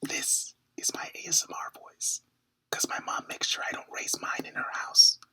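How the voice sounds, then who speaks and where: A young woman performing whispered spoken word in a hushed, deliberate way. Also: rough recording.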